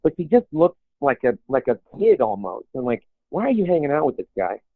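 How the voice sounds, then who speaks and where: A man's voice: medium pitch, very animated, a little fast, breathy edge, no room sound. A man co-hosting a podcast in casual chat, rambling with many restarts and put-on quotes. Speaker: podcast co-host. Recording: tinny phone-like sound, dry.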